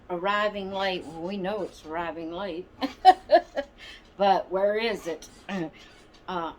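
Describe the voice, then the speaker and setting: A woman's voice: medium pitch, a little hiss or hum. A woman hosting her doll channel, chatting casually and rambling to viewers with plenty of ums and asides. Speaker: doll channel vlog host.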